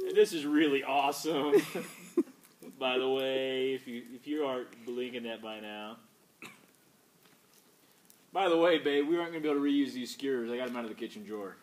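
A man's voice: mid-range voice, moderate pace, pauses often, slight background noise. A tired man hosting a casual vlog outdoors by a fire at night. He jokes and rambles as he talks. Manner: joking, rambling. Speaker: vlogger host.

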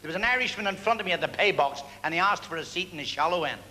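A male stand-up comedian rattling off one-liners with pauses for punchlines, performing on a large theatre stage. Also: high voice, animated. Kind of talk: stage stand-up at a variety gala. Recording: archive theatre recording with long hall echo and hiss.

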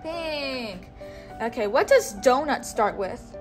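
A woman teaching a child one-on-one, speaking slowly and patiently and repeating words for the child to say back. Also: high voice, animated, soft background music. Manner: slow, coaxing, repeats words for the child to echo.

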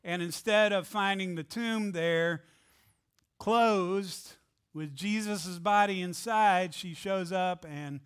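High-voiced joking pastor preaching a sermon. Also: male voice, slow, smooth. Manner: jokey and animated, reads scripture aloud. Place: church sanctuary.

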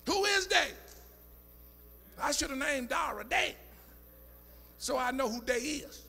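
A male pastor preaching a sermon in rhythmic call-and-response style, rising into shouts and half-sung phrases. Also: extremely high pitch, animated, takes it slowly, long reverb tail. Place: church sanctuary.

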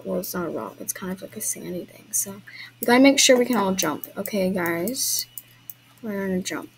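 A woman's voice: medium pitch, slight background noise, poor audio. A young woman hosting an online horse-riding game event, chatting to viewers and apologizing with little laughs as she plays. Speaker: game vlogger hosting a trail ride. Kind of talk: casual gameplay commentary.

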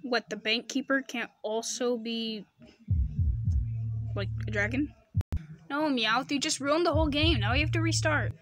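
A woman's voice: high-pitched, unhurried, pauses often, a bit bright. A woman performing a goofy improvised toy skit, playfully switching between silly character voices.

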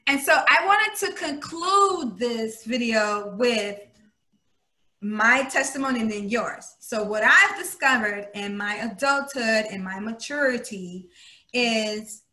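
Woman, animated storyteller, bright tone, echoey room. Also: fairly high pitch, slow pace. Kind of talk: casual chat.

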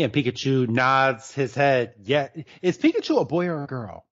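A man's voice: mid-range voice, big pitch swings, a little slow. A man co-hosting a casual podcast, rambling with lots of fillers and restarts and laughing often. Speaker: podcast co-host. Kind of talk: casual chat recapping an episode. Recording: slightly dull lo-fi audio.

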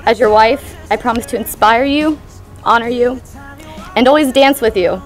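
A young woman in her twenties, a bride, speaking her wedding vows in a soft, sincere way. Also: a little high, moderate pace. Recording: with faint music over it.

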